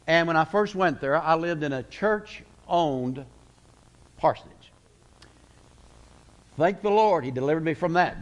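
A man's voice: fairly high pitch, lo-fi sound. A middle-aged man preaching a folksy, emphatic sermon as a guest preacher in a church. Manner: folksy, emphatic, slows words for weight. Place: church sanctuary.

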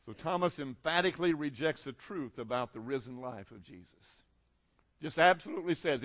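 A male pastor preaching a sermon, emphatic and repetitive, often restarting his sentences and swinging between loud and soft. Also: fairly high pitch, lively intonation, fairly quick, dry recording, muffled recording.

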